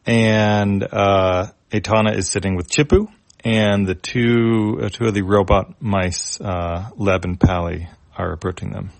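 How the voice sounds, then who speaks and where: A man reading a webcomic aloud panel by panel, relaxed, with fillers. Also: on the low side, a little slow, vocal fry, no room sound. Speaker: comic reader.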